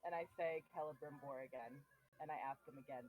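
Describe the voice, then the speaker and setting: A man's voice: medium pitch, fairly quick, darkish tone, poor audio. A man playing in a tabletop game, telling in a laid-back way what his character does and says. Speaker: player. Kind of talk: casual tabletop game play. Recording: faint background noise.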